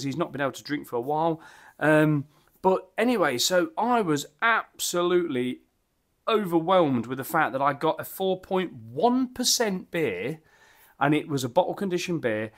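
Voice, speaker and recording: Chatty man in his fifties. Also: fairly high pitch. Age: 50s. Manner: chatty, rambling, enthusiastic. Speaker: beer reviewer. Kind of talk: casual vlog chat. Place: home bar.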